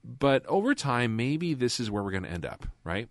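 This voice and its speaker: A man's voice: mid-range voice, sing-song, normal speed, dry recording, studio quality. A man co-hosting a casual car podcast, talking in a rambling, chatty way and laughing often. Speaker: podcast co-host.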